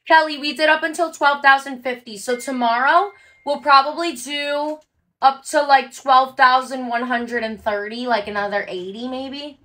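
A woman's voice: high voice, fairly even intonation, normal speed, sharp tone. A woman hosting a casual livestream as she packs orders, chatty and upbeat, with frequent ums and likes. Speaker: livestream host packing orders.

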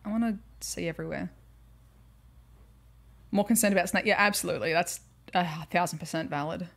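On a gaming livestream, a young Australian woman chats casually and tells stories, laughing often. Her voice sits on the low side, with a brisk, gravelly quality.

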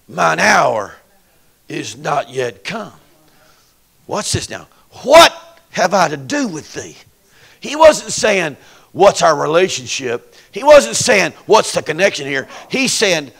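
Preacher, male, gravelly, unhurried delivery, acts out voices and draws responses from the crowd. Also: high-pitched, sing-song, fairly bright tone. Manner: folksy, dramatic, acts out voices, call-and-response. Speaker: pastor. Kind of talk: Pentecostal sermon.

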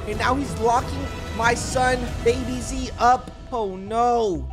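A woman gaming YouTuber giving excited roleplay commentary, exclaiming and acting out chat lines. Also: on the high side, a little slow, hardly any pauses, over music. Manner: animated, exclaiming, reads out and acts chat lines in a dramatic voice.

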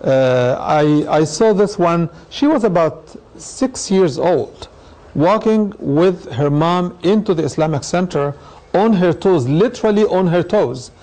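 A man's voice: on the high side, lively intonation, unhurried, darkish tone, poor audio. A middle-aged man, an imam, giving an explanatory talk to an audience, using anecdotes and taking questions. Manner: explanatory, uses anecdotes and acted quotes.

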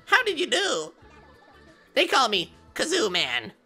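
A synthetic voice speaking as a calm, earnest game villager in even, solemn scripted lines. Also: female voice, on the high side, takes it slowly, breathy edge, soft background music, heavily acted. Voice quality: synthetic speech voice. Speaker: game character. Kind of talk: video game dialogue.

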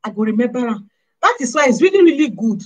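A fast-talking female vlogger addresses the camera in a Nigerian Pidgin accent, her husky, slightly breathy voice on the high side. Throughout her spirited monologue she chides listeners with rhetorical question after rhetorical question, and the audio sounds dull.

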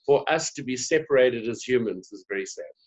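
A South African man in his forties, a guest on an interview, telling stories in an animated, earnest way with playful asides. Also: medium pitch, fairly quick, rough recording. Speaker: guest, diversity specialist. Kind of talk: casual interview talk.

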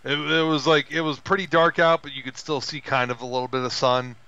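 A man's voice: fairly quick, clear, resonant tone, highs cut off. A man co-hosting a podcast, animatedly retelling a film in casual chat. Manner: animated retelling with high put-on voices for quoted characters. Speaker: podcast co-host.

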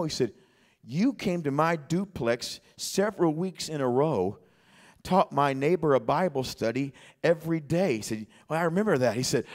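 A man preaching a sermon in church, telling a story quietly, then rising to shouts. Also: fairly high pitch. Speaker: pastor. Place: church sanctuary.

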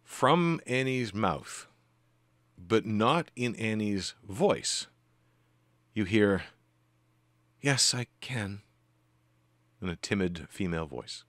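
Low-voiced man running a tabletop game. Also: animated, takes it slowly, dry recording. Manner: rambling, with many ums and restarts. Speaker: game master.

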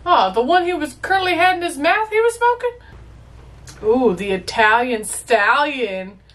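A woman's voice: sits high, very animated, a little slow, fairly bright tone, recorded from a distance, slight background noise. A young woman chatting playfully as she reacts to a movie, with joking asides. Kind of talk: casual reaction commentary.

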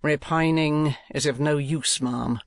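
A man's voice: on the high side, fairly even intonation, takes it slowly, dry recording, studio quality. A man reading as a cold, sneering miserly uncle who speaks curtly and tartly. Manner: curt, tart, sneering.

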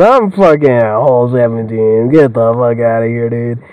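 A man's voice: mid-range voice, moderate pace, darkish tone, clear, resonant tone, rough recording. A young man giving rambling, joking let's-play commentary, swearing a lot and laughing often. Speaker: gamer.

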